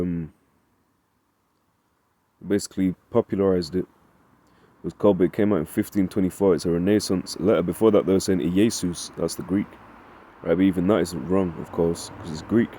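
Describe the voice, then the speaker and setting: This Bible teacher's voice sits low and warm, with fairly even intonation, normal speed, and long pauses. Leading a casual study, he speaks conversationally, keeps asking "right?", and reads scripture aloud in archaic wording.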